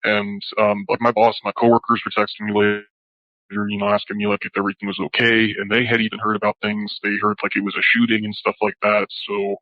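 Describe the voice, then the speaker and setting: A young man answering interview questions haltingly, his speech full of fillers. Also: lowish voice, level tone, no echo. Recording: dull, dry lo-fi audio.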